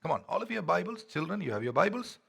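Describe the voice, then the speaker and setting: Gravelly, bright-toned pastor preaching. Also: male voice, big pitch swings, rapid-fire. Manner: preaching, swinging from loud proclamation to low hushed phrases; rhetorical questions to the congregation. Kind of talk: sermon.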